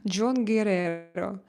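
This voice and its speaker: A woman with a Russian accent hosting a casual livestream chat, reading out viewer comments in a halting way with many fillers and restarts. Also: medium pitch, a little mellow. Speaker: livestream host.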